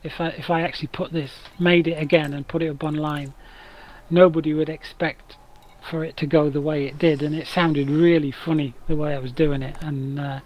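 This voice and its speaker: A man with a rough, damaged voice, chatting casually as a streamer while gaming, rambling through stories with many restarts. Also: a little high, level tone, normal speed, a little mellow, poor audio.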